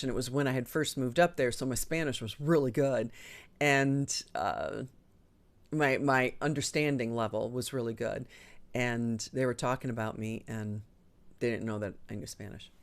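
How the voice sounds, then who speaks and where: A woman hosting a live online show, chatting casually and enthusiastically with frequent ums and a lively, swinging delivery. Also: very deep voice, smooth. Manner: chatty and enthusiastic, talks with her hands in the air of her voice, frequent ums. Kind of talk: casual live-stream chat.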